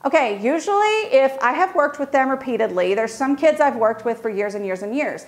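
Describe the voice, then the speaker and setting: A woman photographer giving a casual tutorial, chatty and lively as she acts out how kids react. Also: high voice, brisk. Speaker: children's portrait photographer.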